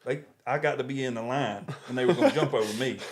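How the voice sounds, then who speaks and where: A man's voice: mid-range voice, fast. A man with a Southern US accent, co-hosting a casual chat and telling stories with frequent laughs. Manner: storytelling, laughs often, self-described country boy. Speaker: podcast co-host.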